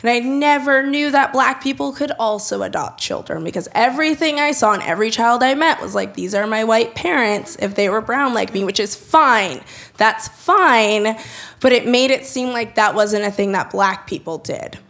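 A young woman telling a personal story in a chatty way, laughing often and acting out quoted lines in lively voices. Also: on the high side, moderate pace.

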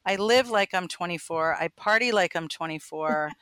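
A woman in her fifties, a photographer guest, telling anecdotes in a bubbly, animated way and acting out the voices in them. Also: lowish voice, moderate pace, clean tone, dry recording. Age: 50s. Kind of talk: casual interview storytelling.

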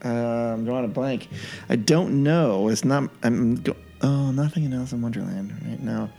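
A man's voice: medium pitch, moderate pace, gravelly, mellow, faint music behind. A man co-hosting a podcast, chatting casually during a guessing game and thinking aloud with lots of fillers. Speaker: podcast co-host.

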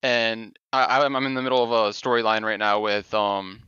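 Brief: crisp, bright male podcaster, dry and slightly dull mic, easygoing recap. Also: on the low side, normal speed, dry recording. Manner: relaxed, rambling, filler-heavy recap. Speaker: podcast co-host. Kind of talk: casual gaming podcast chat.

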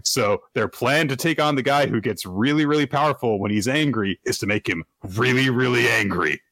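A man co-hosting a casual manga discussion, retelling scenes animatedly and jumping into higher voices for quotes. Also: normal speed, sharp tone, no room sound, clean studio sound. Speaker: podcast co-host. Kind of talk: casual manga recap chat.

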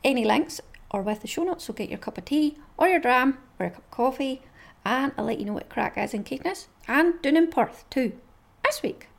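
A woman's voice: high-pitched, expressive, a little fast, creaky. A woman with a Scottish accent hosting a casual chat podcast, chatty and bubbly, laughing often. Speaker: podcast host.

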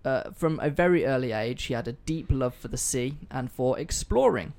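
A man's voice: mid-range voice, normal speed, gravelly, darkish tone. A man hosting a casual history podcast, chatty and offhand, swearing freely. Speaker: podcast host.

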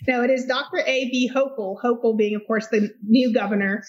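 A woman's voice: fairly high pitch, fairly even intonation, brisk, highs cut off. A woman attorney talking as a guest in a legal discussion, speaking emphatically and articulately, with dry sardonic asides.

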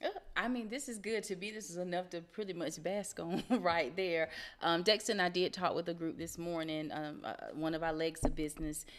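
A woman co-hosting a late-night motivational live stream, speaking calmly and backing her partner with short affirmations. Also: lowish voice, fairly quick, few pauses. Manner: calm, affirming, adds short agreements.

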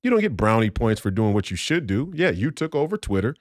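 A man's voice: lowish voice, very animated, a little fast, no room sound, clean studio sound. A man talking as a podcast guest in a heated, profane rant, emphatic and combative, often restarting his sentences.

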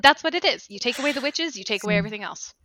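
A woman's voice: fairly high pitch, racing, slight background noise. A woman co-hosting a podcast, chatting casually and animatedly, laughing often and slipping into silly voices. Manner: giggly, animated, puts on silly voices for characters. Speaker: podcast co-host. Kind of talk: casual chat.

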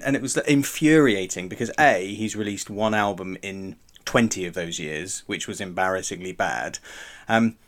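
A man's voice: low-pitched, moderate pace, hardly any pauses, a bit bright. A man co-hosting a podcast, talking in a rambling way, correcting himself and chuckling often. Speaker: podcast co-host. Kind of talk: casual chat.

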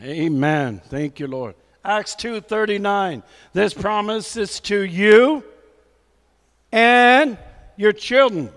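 A man preaching a sermon in a notably high voice, speaking slowly and deliberately. He exhorts his listeners and repeats calls for a response between scripture readings. His voice rings with the long reverb of a big hall. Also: a bit bright. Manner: exhorting, repeats "come on" to rouse the congregation; reads scripture aloud with emphasis.

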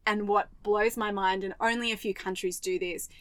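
An Australian woman co-hosting a podcast, telling a travel story in lively detail and acting out the voices she quotes. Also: medium pitch, normal speed, dry recording. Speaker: podcast co-host. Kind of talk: casual chat, storytelling.

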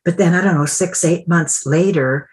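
A woman's voice: on the low side, moderate pace, darkish tone. A woman who works as a mentor and coach, talking reflectively in an interview and acting out the voices in her stories. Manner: reflective, acts out quoted dialogue. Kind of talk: conversational interview storytelling.

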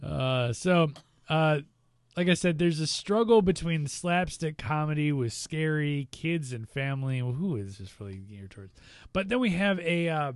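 A man's voice: a little high, moderate pace, clear, resonant tone, dry recording. Man recapping a movie, dry sound. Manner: animated storyteller acting out quotes. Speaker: podcast co-host. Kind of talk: casual movie-recap chat.

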